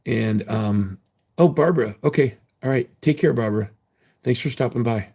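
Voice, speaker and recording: A man tells a long story on his livestream, rambling and restarting his sentences often. His voice is gravelly and husky, and his pitch sits in an ordinary middle range for a man. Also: normal speed, dark tone. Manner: rambling, many fillers and restarts.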